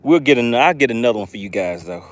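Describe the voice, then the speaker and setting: A man hosting a live fishing stream from a boat, excitedly talking to his viewers and reading their chat aloud. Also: medium pitch, fast talker, dry recording. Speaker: fishing channel host. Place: on a boat on open water. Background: jet skis and outdoor ambience.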